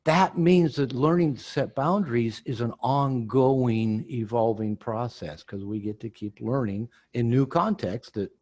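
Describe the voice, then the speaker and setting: A man's voice: medium pitch, a little mellow, slightly rough. A man, an author and guest on an interview podcast, teaching and explaining while acting out example dialogue.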